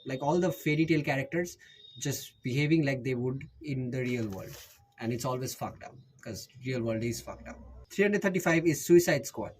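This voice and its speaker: A man's voice: mid-range voice, lively intonation, moderate pace, slight background noise, low-quality recording. A man with an Indian accent, rambling jokily through casual recommendations as a YouTuber and often correcting himself. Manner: rambling, jokey, self-correcting.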